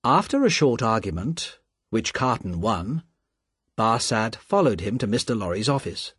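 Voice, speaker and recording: Slow, husky male storyteller. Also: fairly low pitch, no echo, clean studio sound. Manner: slow, clear, expressive reading. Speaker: narrator. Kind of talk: storybook narration.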